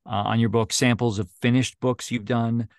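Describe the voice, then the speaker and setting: Man, audiobook narrator, casual chat, middle pitch, dry sound, lots of ums and restarts. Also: little pitch movement, normal speed, darkish tone, no room sound. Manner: chatty, many fillers and restarts. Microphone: video call.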